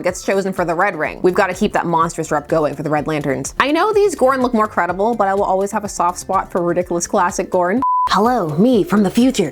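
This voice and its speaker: Sarcastic woman gushing over comics. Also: medium pitch. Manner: sarcastic, nerdy, enthusiastic asides. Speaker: comic book reviewer. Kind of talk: casual commentary.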